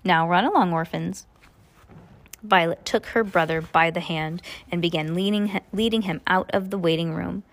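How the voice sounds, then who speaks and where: A woman's voice: on the low side, fairly even intonation, brisk, few pauses. A woman, a parent, reading a book aloud to her child in plain narration with small stumbles and self-corrections.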